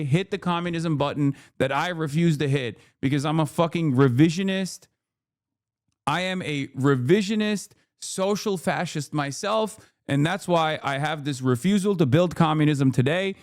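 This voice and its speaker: A man's voice: on the high side, moderate pace. A man hosting a live stream, ranting about politics with heavy profanity and exasperated sarcasm. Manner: sarcastic mock voices. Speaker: streamer host.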